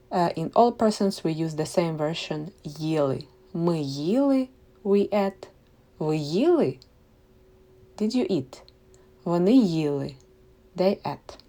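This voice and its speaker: Slow, mellow-voiced woman teaching. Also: fairly low pitch. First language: Ukrainian. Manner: patient, repeats words slowly for learners. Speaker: language teacher. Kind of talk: slow, clear explanatory lesson.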